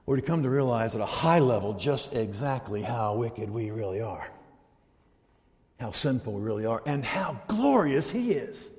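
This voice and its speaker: Animated male pastor in echoing hall. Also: medium pitch, moderate pace. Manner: animated, swings from loud emphasis to quiet asides. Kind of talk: sermon. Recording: long hall reverb.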